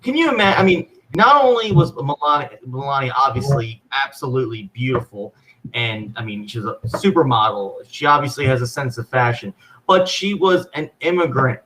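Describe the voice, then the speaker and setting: Scornful guy on a politics show, sharp bright voice, faint hiss behind. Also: mid-range voice, animated, normal speed, rough recording. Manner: scornful, emphatic. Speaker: co-host. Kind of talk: political commentary chat.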